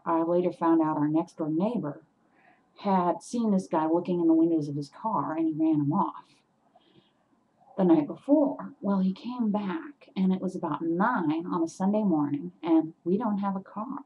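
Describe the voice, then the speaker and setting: A woman telling an animated story to her webcam at home, getting loud and worked up as she goes. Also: lowish voice, moderate pace, dull audio, a little hiss or hum. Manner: animated, swings into loud agitated retelling. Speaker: vlogger.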